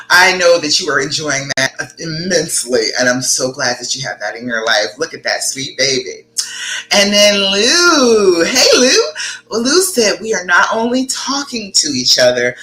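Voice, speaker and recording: A woman relationship coach chatting live with viewers, greeting them by name and reading out their comments, her voice leaping up high when she gets excited. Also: roomy sound, poor audio. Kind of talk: live-stream chat answering viewers.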